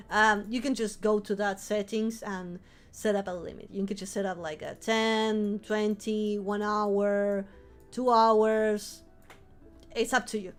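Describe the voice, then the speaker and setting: A woman streamer chatting casually with her viewers, animated and swearing, breaking into shouts. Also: fairly high pitch. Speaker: vtuber streamer.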